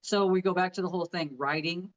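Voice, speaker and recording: A woman's voice: on the low side, quick pace, highs cut off. A middle-aged woman co-hosting a casual chat about grief, speaking earnestly and sharing heartfelt advice. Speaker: podcast co-host.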